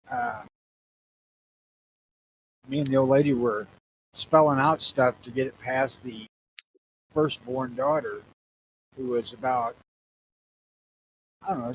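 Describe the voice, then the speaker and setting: A man's voice: medium pitch, a little slow, long pauses, a little hiss or hum, poor audio. A man from the northern US telling stories bluntly as a podcast co-host, swearing freely. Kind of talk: casual crude podcast banter.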